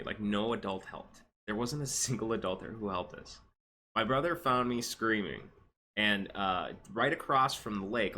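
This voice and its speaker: A man's voice: lowish voice, slight background noise. A man in his thirties casually telling a rambling personal story as a vlogger, with lots of restarts. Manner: rambling, animated, with restarts and quoted voices.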